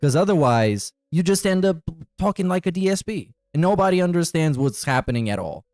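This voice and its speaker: A man's voice: a little high, sing-song, fairly quick, a little mellow, no room sound, studio quality. A man in casual podcast banter, blunt and dismissive, swearing freely.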